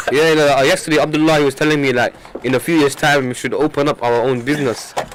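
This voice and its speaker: A young man on a radio talk show, making dry, low-key remarks. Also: fairly even intonation, brisk, slight background noise, poor audio. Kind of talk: casual banter.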